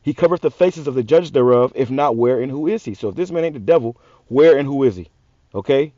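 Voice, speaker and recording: Male street preacher, fast and profane, heated, dry lo-fi audio. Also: mid-range voice, expressive, warm tone, dry recording. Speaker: religious channel host. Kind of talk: ranting street sermon.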